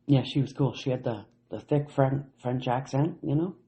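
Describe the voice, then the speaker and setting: A man's voice: mid-range voice, normal speed, dull audio. A man from Canada co-hosting a casual podcast, blunt and joking, with plenty of swearing. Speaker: podcast co-host. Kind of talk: casual podcast chat, reading quotes.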